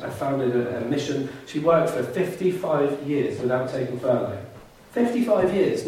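Earnest preacher in an echoey hall. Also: male voice, mid-range voice, darkish tone, slight background noise. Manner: earnest, fervent, mimics grumbling listeners. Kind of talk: sermon. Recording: very echoey hall, mic far off.

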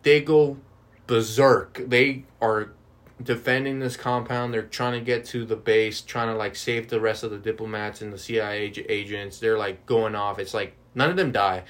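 A man's voice: lowish voice, moderate pace. A man co-hosting a casual podcast, rambling through a story with many fillers. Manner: rambling, filler-heavy, animated. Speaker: podcast co-host. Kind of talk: casual chat.

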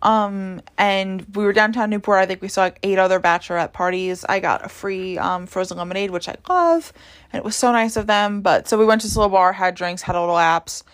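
A young woman hosts a podcast, telling a story in a chatty, casual way packed with "like" and "um." Her voice sits in the mid range and moves at a brisk clip.

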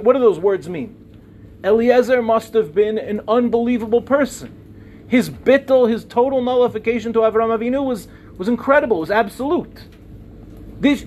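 A young man teaching as a rabbi, telling personal stories in an animated way with humorous asides. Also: high-pitched, slight background noise. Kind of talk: Torah lecture with personal stories.

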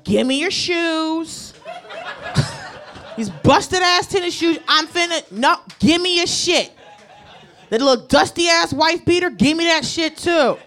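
A woman's voice: extremely high pitch, a bit bright. A woman doing stand-up, telling a profane story and acting out the voices of the people in it. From United States. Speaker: stand-up comedian. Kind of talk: stand-up comedy set.

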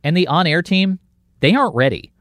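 A man's voice: sits high, animated, a little fast, fairly bright tone, no echo, studio quality. A man reporting and narrating a documentary podcast in a scripted, storytelling delivery.

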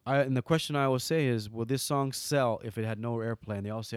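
A man's voice: mid-range voice, quick pace, few pauses, no room sound, clean studio sound. A middle-aged man from Hawaii telling stories as an interview guest, acting out quoted dialogue in casual talk. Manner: animated, acts out quoted dialogue. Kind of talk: casual storytelling.

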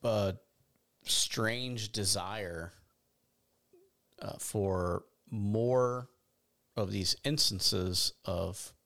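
Low, gravelly man talking slowly. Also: fairly bright tone. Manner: measured, hesitant, restarts phrases. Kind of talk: casual commentary chat.

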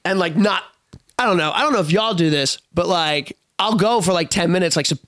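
A young man from New Orleans, a touring musician guesting on a podcast, telling rambling, animated stories in casual chat. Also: high voice, brisk, no echo.

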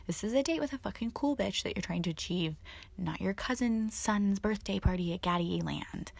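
A woman's voice: medium pitch, normal speed, vocal fry. A young woman hosting a sassy, profane comedic monologue. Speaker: host.

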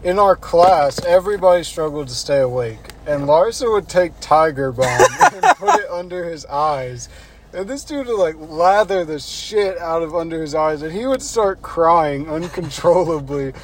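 A man swapping army stories in a relaxed, profane way, often laughing. His voice sits a touch high. Faint background noise hangs under the recording. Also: moderate pace. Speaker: army veteran telling stories. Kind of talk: casual storytelling chat.

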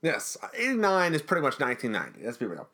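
A man's voice: mid-range voice, huge pitch swings, fast, bright, forceful tone. A man co-hosting a podcast, recapping an episode in a chatty, jokey way. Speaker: podcast co-host. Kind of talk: casual recap chat.

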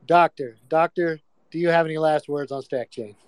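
A man hosting a casual group audio chat, relaxed and swearing freely as he calls on each speaker. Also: a little high, moderate pace, smooth, no room sound. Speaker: host.

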